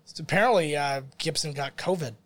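Podcast co-host, young adult man, voice sits a touch high, rambling and jokey, quick impressions. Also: a bit bright, dry recording. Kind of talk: casual movie commentary chat.

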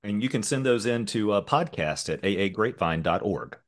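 A man's voice: on the low side, expressive, brisk. A man co-hosting a podcast in a joking, self-mocking chat. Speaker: podcast co-host. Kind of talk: casual chat.

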